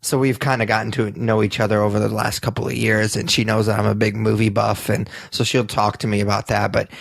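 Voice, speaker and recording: A man hosting a podcast, chatting casually and telling animated stories. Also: on the low side, fairly quick, vocal fry, dry recording, clean studio sound. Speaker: podcast host. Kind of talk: casual chat.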